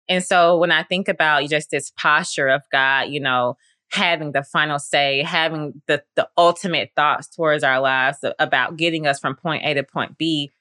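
A woman hosts a faith podcast in an earnest, conversational manner, sprinkling her talk with fillers. Her voice sits low and sounds forceful. The recording is dry and close. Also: no room sound. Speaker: podcast host.

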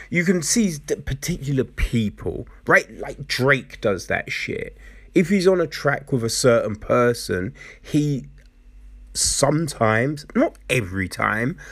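A man talks through a casual commentary at an unhurried pace. His pitch rises and falls widely as he goes. He laughs often, swears freely and slips into quick mimicry of other people.

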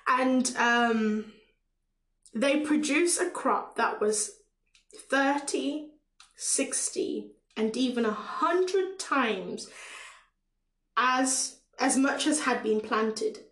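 A woman's voice: on the high side, extremely slow, echoey room, low-quality recording. A woman with a Caribbean accent giving a casual devotional talk, reading scripture aloud with many fillers and asides. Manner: relaxed, with frequent fillers and self-asides. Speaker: podcast preacher.

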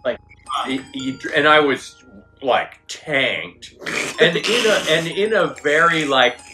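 Man, co-host, unhurried and profane storyteller, music bed underneath. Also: fairly high pitch, poor audio. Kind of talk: casual chat about music.

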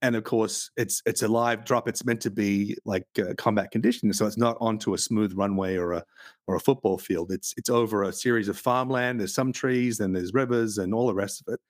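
A man's voice: on the low side, fairly even intonation, fairly quick, no echo, studio quality. A man hosting a podcast, telling vivid anecdotes in casual chat with some swearing. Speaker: podcast host.

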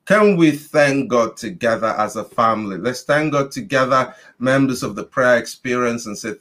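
A man's voice: medium pitch, lively intonation, normal speed, hardly any pauses, a bit bright. A man preaching and leading prayer, exhorting listeners in a repetitive, rhythmic cadence. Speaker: pastor leading an online prayer meeting. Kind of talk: sermon with prayer.

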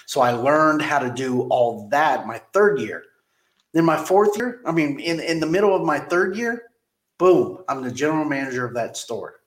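A man with an even, mid-pitched voice tells stories from his car sales days in a relaxed interview. He rambles, repeats words and gets animated in the retelling. A roomy echo hangs around his voice. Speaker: car dealership general manager. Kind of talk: casual interview storytelling.

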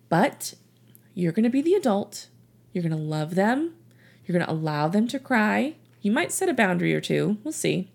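A woman hosting her own self-help podcast, talking gently and encouragingly to her listeners as a coach. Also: medium pitch, gravelly.

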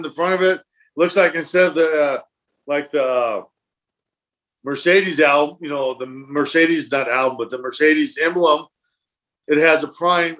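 A man, a former professional football punter, telling animated stories in casual conversation and acting out the quotes. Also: on the high side. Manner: animated, acts out quotes and laughs. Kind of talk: casual storytelling.

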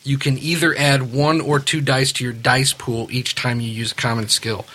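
A man narrating and explaining rules as game master of a tabletop game, loose and quick to laugh. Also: medium pitch, little pitch movement, sharp tone.

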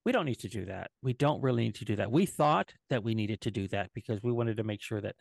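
A man co-hosting a podcast live, talking casually with many halting restarts and fillers. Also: lowish voice, creaky, no room sound. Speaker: podcast co-host and editor. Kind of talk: casual live-stream chat.

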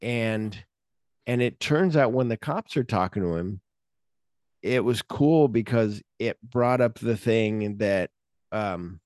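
A man's voice: fairly low pitch, darkish tone, dry recording, studio quality. A man co-hosting a casual film podcast, rambling and searching for names with lots of fillers. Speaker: podcast co-host.

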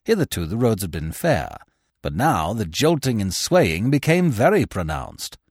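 A man narrating a classic novel as podcast host in an expressive, theatrical storytelling manner. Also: fairly low pitch, measured pace, husky, no echo, studio quality. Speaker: audiobook narrator. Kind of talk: scripted dramatic narration.

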